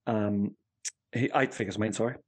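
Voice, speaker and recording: A man's voice: on the low side, steady tone, normal speed, breathy edge. Blunt man telling stories. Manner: blunt, swearing, storytelling. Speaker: high performance coach. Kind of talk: casual podcast interview.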